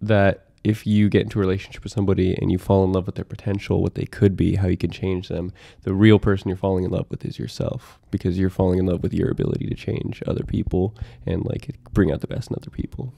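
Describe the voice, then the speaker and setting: A man's voice: sits low, level tone, quick pace, gravelly, few pauses, mellow, no echo, clean studio sound. A young man in a casual podcast chat, laid-back and a bit hesitant, laughing between words. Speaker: podcast guest.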